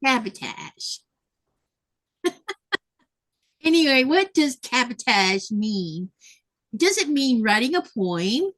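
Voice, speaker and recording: Lady hosting a sewing live, kinda high voice, reads out comments, laughs lots. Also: big pitch swings, takes it slowly, pauses often, a bit bright. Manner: chatty, laughs often, reads viewer comments aloud. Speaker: livestream host. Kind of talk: casual livestream chat while sewing.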